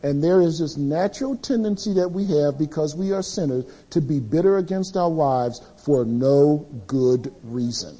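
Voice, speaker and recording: A middle-aged man preaching to a room of men, with a fairly high voice that has a soft husky edge. His tone is mellow, and he tells stories about himself in a lively, confessional way. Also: normal speed, few pauses. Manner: animated, confessional storytelling. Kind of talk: sermon to men.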